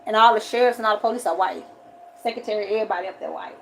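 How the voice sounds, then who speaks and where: A forty-year-old woman, telling a story on a casual livestream and swinging from loud outbursts to quiet asides. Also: mid-range voice, rapid-fire, gravelly, a little hiss or hum, poor audio. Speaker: livestream host.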